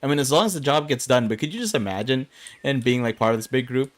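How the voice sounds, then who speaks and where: A man's voice: mid-range voice, quick pace. A young man streaming an online game, rambling through casual commentary with self-mocking asides. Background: game music.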